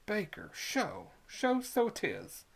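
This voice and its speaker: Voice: mid-range voice, very animated, pitched above the performer's own voice. A reader voicing a sly, rustic young male tollkeeper with a folksy drawl. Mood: flustered. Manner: folksy drawl, slow and drawn-out.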